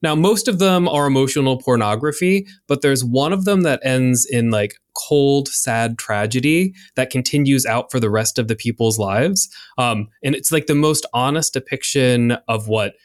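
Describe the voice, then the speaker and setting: A man's voice: medium pitch, moderate pace, hardly any pauses. A young man co-hosting a podcast in casual chat, talking in a chatty, jokey way with plenty of fillers. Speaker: podcast co-host.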